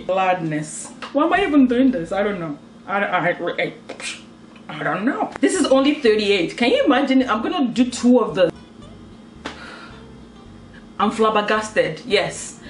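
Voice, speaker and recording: A woman's voice: medium pitch, unhurried, roomy sound, far from the mic, soft background music. A young Nigerian woman with a Nigerian accent, joking and teasing through a comic vlog monologue full of rhetorical questions. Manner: animated, teasing, rhetorical questions, laughs often. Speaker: comedy vlogger.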